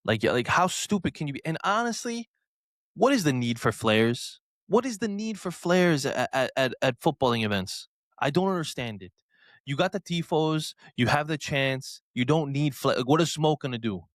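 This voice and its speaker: A man's voice: fairly high pitch, lively intonation, normal speed, no echo. Heated, ranting man on a podcast. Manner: heated, ranting, frequent restarts. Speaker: podcast co-host. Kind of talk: casual podcast chat.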